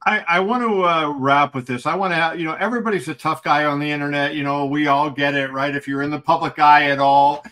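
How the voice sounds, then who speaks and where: Bright-voiced male sports interviewer. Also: fairly high pitch, a little fast, hardly any pauses. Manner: conversational, asks questions. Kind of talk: interview questions.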